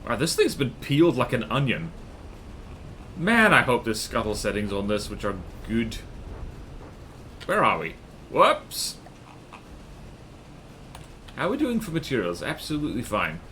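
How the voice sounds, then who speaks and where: Male game streamer, casual and chatty, thinks aloud as he plays; animated, swinging pitch, mid-range voice. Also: a little slow, long pauses, slight background noise. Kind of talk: casual gaming stream chat.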